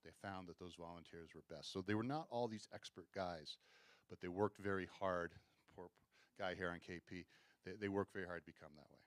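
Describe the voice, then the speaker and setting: Historian, male, low-pitched, dry close sound, wry and conversational, stumbles and restarts. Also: brisk, no room sound. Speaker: historian giving a museum talk. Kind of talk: casual lecture with slides. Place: museum event room.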